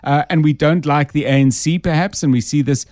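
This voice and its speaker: A man's voice: fairly high pitch, a little fast, a little mellow, dry recording, studio quality. A South African man hosting a talk radio show, conversational and inviting listener calls. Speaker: radio host.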